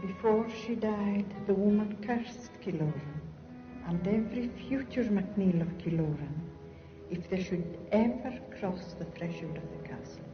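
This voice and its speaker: A woman playing a solemn storyteller in a 1940s film, telling a tale slowly and gravely. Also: mid-range voice, lively intonation, natural voice. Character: solemn storyteller recounting an old curse. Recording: old film soundtrack with music, roomy and dull.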